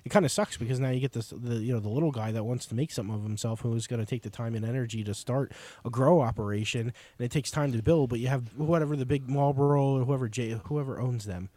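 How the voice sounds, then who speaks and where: A man's voice: mid-range voice, quick pace, hardly any pauses, dark tone, no echo. A man co-hosting a casual podcast, cursing freely and ranting between laughs. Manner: profane, ranting, laughs often. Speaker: podcast co-host. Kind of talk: casual crude banter.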